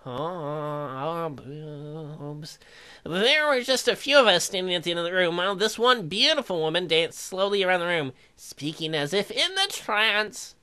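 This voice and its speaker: A woman reading dating-sim narration aloud in a deadpan way, broken up by crude joking asides. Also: mid-range voice, a little fast, hardly any pauses, clear, resonant tone.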